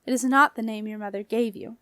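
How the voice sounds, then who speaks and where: A woman voicing a stern, patient older witch aunt who speaks briskly. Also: a little high, steady tone, pushed and bright, dry recording, clean studio sound.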